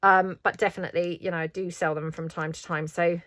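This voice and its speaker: A woman's voice: fairly low pitch, level tone, brisk, fairly bright tone, no echo. A middle-aged British woman chatting casually while she crafts, rambling and self-deprecating. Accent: British English. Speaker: craft vlogger.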